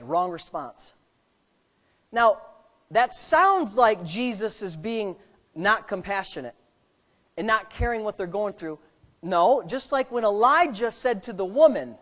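An animated preacher whose pitch leaps and dips through the sermon. The delivery drops to quiet, quick asides, then swells into loud, slowed-down emphasis. Rhetorical questions keep coming at the congregation, with a light joke now and then. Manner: jokes lightly with the listeners.

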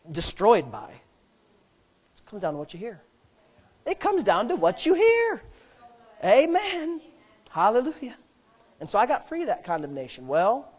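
A middle-aged man preaches to his congregation. His delivery swings from plain, conversational storytelling into loud, fervent proclamation. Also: on the high side. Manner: impassioned, rising to loud emphatic preaching. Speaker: pastor. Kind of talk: sermon.

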